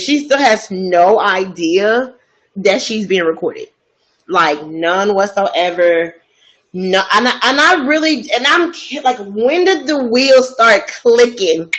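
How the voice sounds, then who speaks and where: A woman host telling a story in a casual, gossipy way, chatty and expressive, asking many rhetorical questions. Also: fairly high pitch, poor audio.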